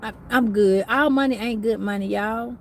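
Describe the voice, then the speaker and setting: A woman's voice: fairly high pitch, normal speed, a little hiss or hum. A middle-aged woman giving a casual astrology reading, talking bluntly, preachily and with plenty of swearing. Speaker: tarot reader.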